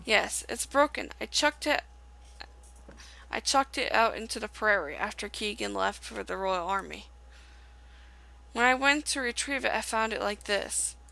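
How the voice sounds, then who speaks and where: A woman's voice: mid-range voice, lively intonation, measured pace, creaky, pauses often, sharp tone, full character voice, low-quality recording. A woman reading the lines of a bitter, jealous young man from a game, in her own voice. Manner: reading game dialogue aloud.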